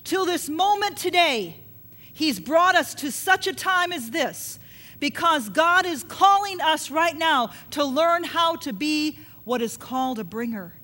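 A woman's voice: high voice, lively intonation, measured pace, bright, forceful tone. A woman preaching a sermon, emphatic and repetitive, often putting questions to her listeners.

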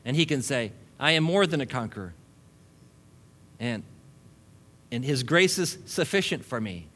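A man's voice: medium pitch, expressive, a little slow, pauses often, a bit bright. A male pastor preaching a sermon to a congregation, building long repeated lists and chuckling often between points.

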